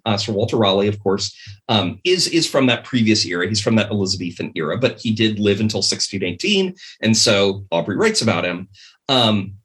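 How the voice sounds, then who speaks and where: Bright-voiced man chatting with fillers. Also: fairly low pitch. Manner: rambling, many fillers and restarts. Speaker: podcast guest. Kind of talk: casual chat.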